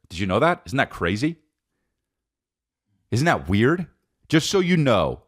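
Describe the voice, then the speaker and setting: A man with a low-sitting voice hosts a comedy podcast, rambling through a profane, animated monologue and calling the listener dude.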